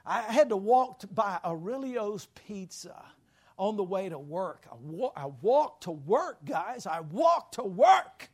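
High-voiced preacher telling stories. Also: male voice, lively intonation, measured pace, a little mellow. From Louisiana. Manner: folksy, rambling storytelling with self-deprecating humor. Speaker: pastor. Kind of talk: sermon told as a personal story.

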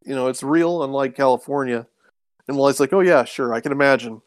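A man's voice: mid-range voice, fairly quick, dry recording. A man casually recapping an episode, rambling with ums and acting out quoted lines. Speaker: podcast co-host recapping a show. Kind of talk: casual chat.

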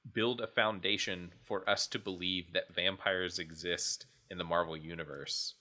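A man's voice: deep voice, fairly even intonation, normal speed, bright, forceful tone. A man chatting casually on a podcast, rambling and restarting his thoughts as he goes. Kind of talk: casual chat.

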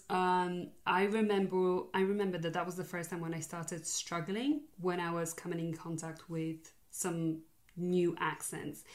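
A young woman in her twenties chatting casually, thoughtful and halting, with many fillers and restarts. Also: fairly low pitch. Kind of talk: casual chat.

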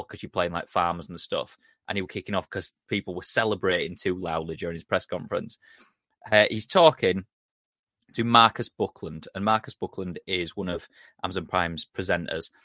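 A man's voice: deep voice, a bit bright, no room sound, clean studio sound. A man co-hosting a casual sports podcast, blunt and sweary, mocking the people he talks about. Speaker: podcast co-host.

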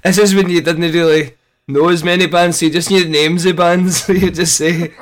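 A man's voice: a little high, steady tone, normal speed. A man with a Scottish accent in casual chat, rambling through anecdotes, trailing off and chuckling.

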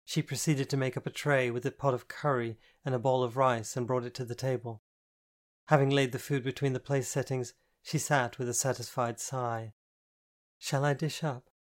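A male audiobook narrator reading a novel in the first person. His delivery is measured and even, in a medium-pitched voice.

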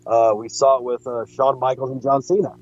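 A man's voice: mid-range voice, little pitch movement, fairly quick, a little mellow, highs cut off. A man co-hosting a wrestling podcast, chatting casually with jokes, restarts and giggles. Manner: joking, rambling with restarts and giggles. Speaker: podcast co-host.

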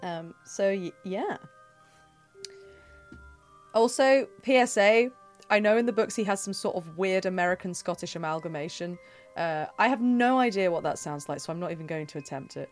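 A woman's voice: on the low side, normal speed, soft background music. Chatty woman game master. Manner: chatty, self-correcting narration with fillers. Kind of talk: narrating a tabletop game.

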